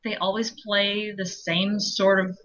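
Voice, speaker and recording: Bright-voiced woman audiobook narrator chatting. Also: medium pitch, takes it slowly, poor audio. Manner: chatty, animated storytelling with laughs. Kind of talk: casual interview chat.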